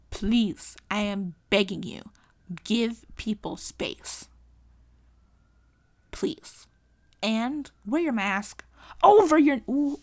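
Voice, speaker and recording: A young woman talking casually to camera in a vlog, animated and exasperated, pleading with sudden high exclamations. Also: creaky. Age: young adult. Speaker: vlogger.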